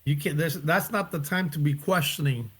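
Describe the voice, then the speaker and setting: A man being interviewed about his acting work, talking in a reflective, casual way and often pausing to find his words. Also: a little high, breathy edge. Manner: reflective, searching for words, restarts. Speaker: actor and director, guest.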